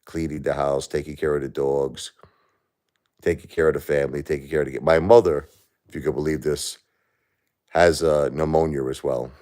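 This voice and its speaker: A man with an extremely deep, low voice talks straight to his viewers on a live stream. He sounds grief-stricken and stressed, halting and repeating words as he goes. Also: fairly even intonation, a little mellow. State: grieving, stressed. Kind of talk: emotional live-stream chat.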